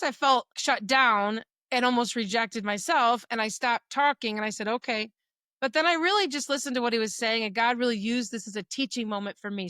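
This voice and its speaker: A middle-aged woman co-hosts a faith-based podcast, speaking earnestly and from the heart. Her voice is bright and slightly high. The recording is close-miked and dry, with no room sound. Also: no room sound. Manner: earnest, emotional at times, uses quoted dialogue. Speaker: podcast co-host. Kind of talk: personal faith talk.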